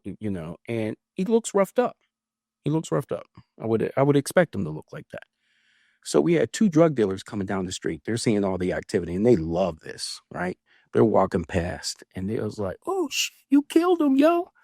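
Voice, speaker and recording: Man, low voice, animated storyteller, dry close recording. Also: dry recording. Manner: animated retelling, acts out quoted voices. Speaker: podcast co-host, former officer. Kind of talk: storytelling in casual conversation.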